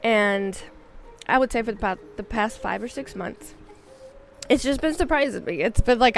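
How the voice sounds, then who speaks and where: A woman's voice: a little high, normal speed, vocal fry, a little hiss or hum. A woman in her thirties streaming a game, talking in a rambling, candid, self-mocking way. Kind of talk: casual chat while gaming.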